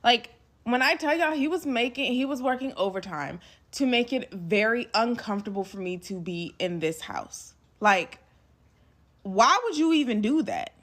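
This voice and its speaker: A young woman casually telling a personal story to her viewers, emphatic and animated, with frequent asides. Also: a little high, moderate pace. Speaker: storyteller recounting a past relationship.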